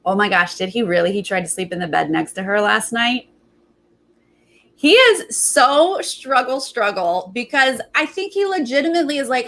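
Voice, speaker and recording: A woman's voice: on the high side, normal speed, rough recording. A young adult woman hosting a casual recap show. She tells stories with animation, acts out quotes and greets viewers by name. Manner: animated storytelling, acting out quotes, frequent "like". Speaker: host.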